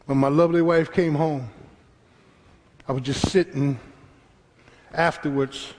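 A man preaching a sermon that swings from quiet storytelling to shouted call and response, then leading an altar call. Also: a little high, steady tone, a little slow, low-quality recording. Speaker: pastor. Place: church sanctuary. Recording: live church with congregation and room noise.

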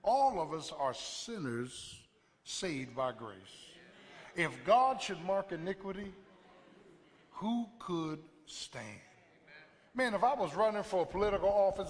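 Animated high-pitched preacher in a hall. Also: male voice, slow. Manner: animated preaching, call-and-response, sudden loud bursts. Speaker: pastor. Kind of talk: sermon. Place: church sanctuary. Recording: live sermon audio in a reverberant hall.

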